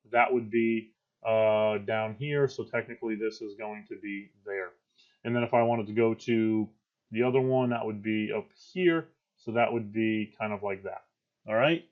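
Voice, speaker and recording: A male math teacher giving a classroom lecture in an animated way, with joking asides and frequent check-ins with his students. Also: medium pitch, lo-fi sound.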